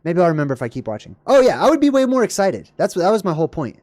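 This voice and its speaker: A livestream host giving rambling, digressive reaction commentary, laughing often and jumping suddenly up in pitch. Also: big pitch swings, rapid-fire, a little mellow, no room sound, studio quality.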